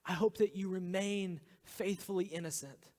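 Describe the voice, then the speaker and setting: Earnest pastor, higher voice, reverberant hall. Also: male voice, fairly even intonation, normal speed. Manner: earnest, drops into hushed whispers for emphasis. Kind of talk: sermon.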